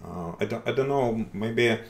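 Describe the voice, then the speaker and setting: A Russian man speaking halting, broken English with many hesitations and fillers in a casual podcast chat. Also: mid-range voice, vocal fry, echoey room. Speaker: guest. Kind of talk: casual conversation.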